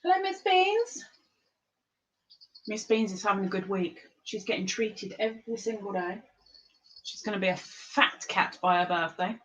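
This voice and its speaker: A woman's voice: medium pitch, steady tone, normal speed, fairly bright tone, low-quality recording. A woman hosting an online trivia board game on her stream, chatting to viewers and sometimes talking with her mouth full. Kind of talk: casual live-stream chat.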